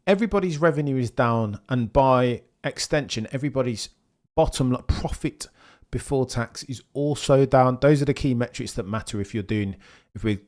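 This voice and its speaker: A man's voice: medium pitch, moderate pace. A man hosting a casual livestream, reading viewer comments and chatting about the topic in a rambling way.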